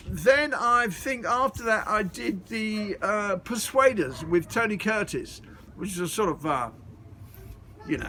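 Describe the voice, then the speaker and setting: A middle-aged man doing a comic impression of an aging, suave British film star, talking in a slow, drawn-out, lowered voice outdoors. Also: background noise, natural voice. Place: outdoors at a community garden.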